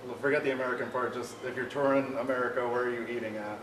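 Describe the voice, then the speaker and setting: A man's voice: mid-range voice, quick pace, distant mic, slight background noise. Male interviewer reading fan questions. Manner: relaxed, reads out fan questions. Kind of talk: casual interview. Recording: echoey, off-mic, loud music behind.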